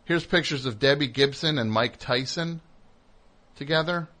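A man's voice: medium pitch, normal speed, pushed and bright. A man hosting a comedy talk show, telling a rambling story in casual chat and mimicking other people in raised voices. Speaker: comedy radio host.

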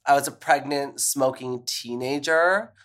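Animated man chatting with many restarts. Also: mid-range voice. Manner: animated, fast, full of restarts and fillers. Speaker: podcast guest, drag performer. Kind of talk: casual chat.

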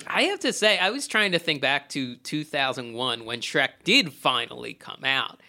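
A man in his thirties co-hosting a casual podcast, chiming in often and telling his own stories. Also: mid-range voice. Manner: lively, chiming in with quick agreement. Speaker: podcast co-host. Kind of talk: casual chat.

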